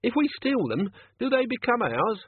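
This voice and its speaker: A man's voice: extremely high pitch, big pitch swings, normal speed, breathy edge, no echo, pitched above the performer's own voice, exaggerated voice. A man voicing a dim-witted, giggling thug who stammers eagerly, on a tinny, phone-like recording. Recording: tinny phone-like dry audio.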